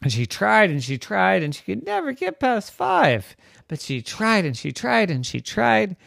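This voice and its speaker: A parent telling an improvised bedtime story in a playful, animated way, with sound effects and hushed asides. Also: medium pitch, measured pace, gravelly, no room sound, studio quality.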